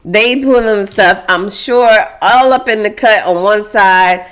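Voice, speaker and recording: A woman co-hosting a podcast, chatting casually as an animated storyteller. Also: mid-range voice, unhurried. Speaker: podcast co-host. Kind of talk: casual chat.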